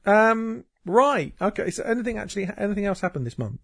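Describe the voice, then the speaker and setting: This man hosts a relaxed chat in a gravelly, slightly husky voice that swings up and down a lot. He teases his co-hosts and swears freely, and the sound is dry and close. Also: sits high, brisk, dry recording. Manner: sweary, sarcastic, teasing. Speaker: podcast host. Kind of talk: casual chat.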